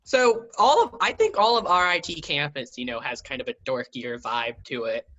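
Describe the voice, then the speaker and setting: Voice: medium pitch, lively intonation, normal speed, sharp tone, lo-fi sound. A young college improv member chatting on a livestream and steering the conversation with friendly questions. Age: young adult. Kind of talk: casual chat on a livestream.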